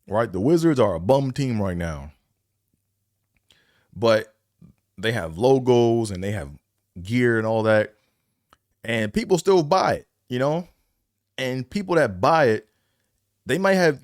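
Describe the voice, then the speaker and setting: A man's voice: mid-range voice, a little mellow, dry recording, clean studio sound. A man hosting his own podcast, talking casually and rambling in slangy bursts, often repeating himself. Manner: slangy and conversational. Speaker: podcast host. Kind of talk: casual solo podcast talk.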